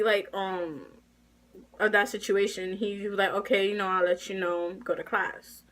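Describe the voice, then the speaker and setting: A teenage girl retells a story from school in casual, unscripted chat. She acts out every line of the exchange herself and turns shrill and squeaky when she recounts her own disbelief. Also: fairly even intonation, moderate pace, fairly bright tone. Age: teens. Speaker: high school student.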